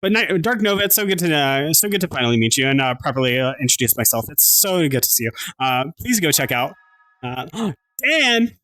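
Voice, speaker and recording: A man's voice: medium pitch, animated, fast, few pauses, fairly bright tone, no echo. A man from Southern Pennsylvania chatting casually on a livestream at home. He restarts his sentences, swears casually and thanks his viewers.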